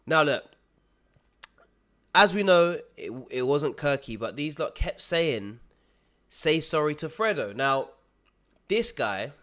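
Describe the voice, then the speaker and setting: A man's voice: medium pitch, a bit bright. A young man giving casual reaction commentary, full of slang, tacking bro onto nearly every sentence.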